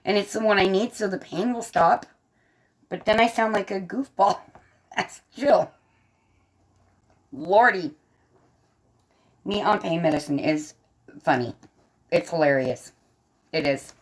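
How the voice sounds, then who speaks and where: A woman with a faint Southern American accent chats casually with her livestream audience while coloring, propped up in bed in her bedroom. Her medium-pitched voice moves at a moderate pace with long pauses, and she laughs often and answers the chat.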